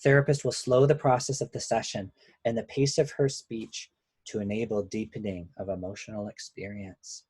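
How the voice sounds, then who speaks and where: A man who is a couples therapist, giving a measured, explanatory webinar lecture and slowing down on key points. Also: fairly low pitch, level tone, a little mellow, slightly rough, no echo.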